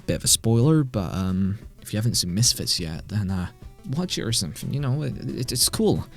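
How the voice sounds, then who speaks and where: A man's voice: on the low side, sing-song, fairly quick, vocal fry, soft background music. A British man rambling casually into a microphone as host of his gaming channel, sweary and self-deprecating. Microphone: desk microphone.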